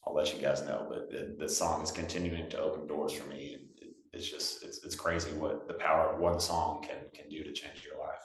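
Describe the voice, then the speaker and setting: A young man from Texas, a singer-songwriter guest, telling stories in a relaxed, chatty way with lots of fillers. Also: very deep voice, brisk, hardly any pauses. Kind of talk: casual storytelling. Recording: roomy echo.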